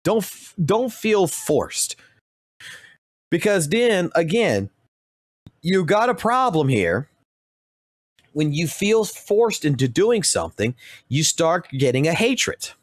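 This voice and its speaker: A man's voice: fairly high pitch, sing-song, slow pace, pauses often, dry recording, studio quality. A man streaming games, ranting heatedly in casual commentary and swearing constantly. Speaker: gaming streamer.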